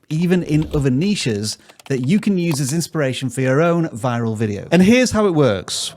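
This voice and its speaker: A man hosts a scripted tutorial, giving direct tips on growing a channel. His voice sits at an ordinary pitch but swings up and down with lots of life. He stays upbeat and drops in the odd joke. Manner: upbeat, joking, direct advice. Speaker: YouTube growth tutorial host.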